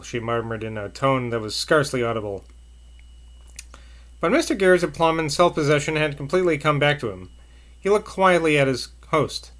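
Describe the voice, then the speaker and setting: A man reading a novel aloud at a measured pace, with occasional slips and asides. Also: fairly high pitch, expressive, fairly bright tone. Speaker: narrator.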